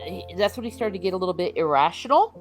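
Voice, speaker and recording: A woman as an interview guest, sharing opinions in animated, casual chat and acting out quotes as she goes. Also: on the low side, quick pace, faint music behind.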